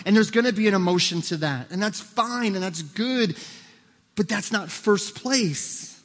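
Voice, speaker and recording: A male pastor preaches in a slightly high voice, earnest and emphatic, and circles back to repeat his main points. His words ring out with a long hall reverb, as if recorded in a large church sanctuary. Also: moderate pace. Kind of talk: sermon.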